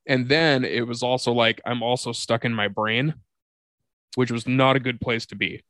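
Man, podcast co-host, swears a lot, confessional storytelling, mid-pitched, dry close mic. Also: steady tone, normal speed, fairly bright tone, dry recording. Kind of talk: candid comedic podcast conversation.

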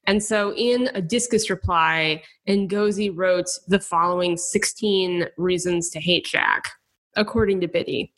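A woman co-hosting a podcast, casually recapping a comic in a steady, chatty way with occasional wry asides. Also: on the low side, a little slow. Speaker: podcast co-host.

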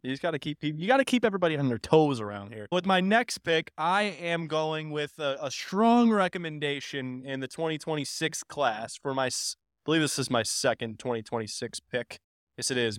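A man's voice: mid-range voice, fairly bright tone, clean tone, no echo, clean studio sound. A man hosting a player draft show, upbeat and joking with co-hosts. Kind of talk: casual show banter.

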